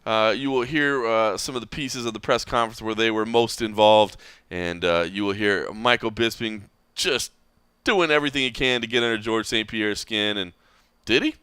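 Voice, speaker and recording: A man with a lowish, crisp, bright voice hosts a casual podcast, talking loosely and laughing often. The recording is dry and close. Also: normal speed, no room sound. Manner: chatty, laughing, digressive. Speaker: podcast host.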